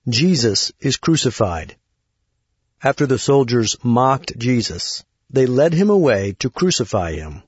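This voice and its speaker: A man reading a Bible story aloud in a measured, plain way. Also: mid-range voice, big pitch swings, husky, no echo. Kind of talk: scripted Bible story narration. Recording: dull lo-fi recording.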